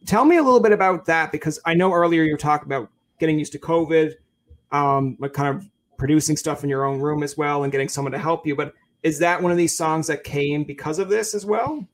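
Man, podcast host, slightly high voice, casual, acts out quotes. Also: fast talker. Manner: animated storyteller, acts out quotes. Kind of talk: casual interview chat.

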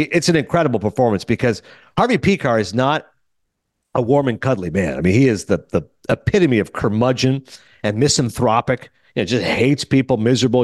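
On his film podcast, this man delivers a relaxed review monologue, storytelling with energy and performing quotes from the movie. He speaks at medium pitch, captured on a studio mic with no echo.

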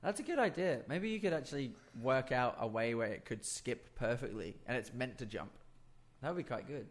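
A man's voice: mid-range voice, animated, fairly quick. Easygoing man, band guest on podcast. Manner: easygoing, jokey, agreeable. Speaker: musician guest. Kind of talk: casual interview chat.

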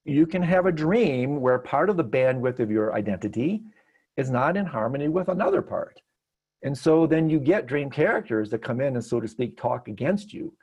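A man with a slightly husky voice leads an online teaching session over a video call. He tells stories in an animated, self-mocking way and laughs often. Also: medium pitch, moderate pace. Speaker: meditation teacher.

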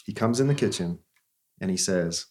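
Earnest man telling a story, low-pitched. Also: animated, moderate pace, noisy background. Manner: conversational, earnest, with frequent restarts. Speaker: therapist.

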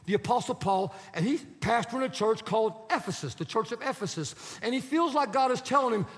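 A man's voice: extremely high pitch, a little fast, hardly any pauses, a bit bright. A male pastor preaching a sermon, telling a story and acting out the quotes. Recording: preached in a reverberant hall.

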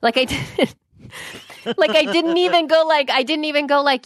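A woman co-hosting a podcast in casual chat, chatty and excitable, often saying "dude". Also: high voice, normal speed, dry recording, studio quality. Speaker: podcast co-host.

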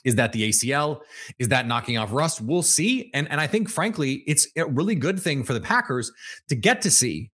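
A man's voice: medium pitch, lively intonation, moderate pace, a bit bright, slightly rough. A man hosting a solo sports podcast, talking through the news in a conversational, thinking-aloud way with wry, sarcastic asides. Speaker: podcast host and team beat writer.

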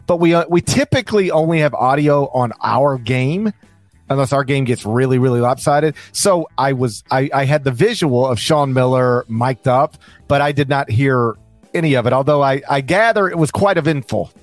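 A man's voice: medium pitch, normal speed, no echo, faint music behind. Joking man on a dry mic. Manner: joking, rambling, reads lines like an announcer. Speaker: podcast co-host. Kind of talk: casual sports podcast chat.

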